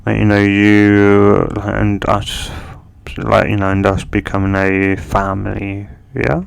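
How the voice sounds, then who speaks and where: Kind, rambling mother figure, read by a man in his own slow gravelly voice. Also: fairly low pitch, completely flat delivery, dry recording. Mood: gentle. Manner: gentle, rambling, filler-heavy. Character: kind, easygoing adult mother.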